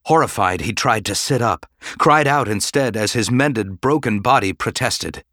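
A man giving measured, dramatic audiobook narration. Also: fairly low pitch, pushed and bright, no room sound, studio quality.

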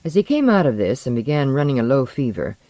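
A man narrating a story aloud in an expressive, dramatic reading style. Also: mid-range voice, fast, no echo, rough recording. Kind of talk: audiobook narration.

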